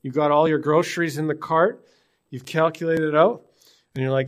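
At a church in Newfoundland, a British Columbia-born pastor gives a conversational sermon full of rhetorical questions for his listeners. He speaks at normal speed, in a fairly high voice with fairly even intonation.

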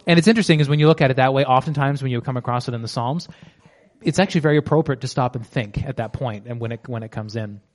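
A man giving a conversational Bible teaching, reading scripture slowly and explaining it with casual fillers and restarts. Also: medium pitch, a little mellow.

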